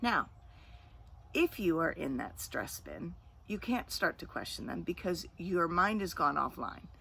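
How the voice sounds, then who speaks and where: A middle-aged woman speaking as a coach, giving a calm, earnest self-help talk with repetitive phrasing. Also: lowish voice, unhurried, vocal fry, slight background noise.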